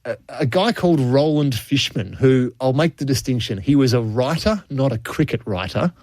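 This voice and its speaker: A man's voice: medium pitch, animated, moderate pace, a little mellow, dry recording. An Australian man on cricket radio, chatting casually and telling stories from the game's history, chuckling as he goes. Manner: storytelling, chuckles often, with frequent restarts.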